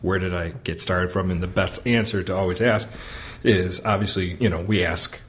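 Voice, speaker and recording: A man's voice: low voice, fairly even intonation, moderate pace. A man co-hosting a podcast in casual chat, rambling with lots of fillers and ready laughs. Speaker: podcast co-host.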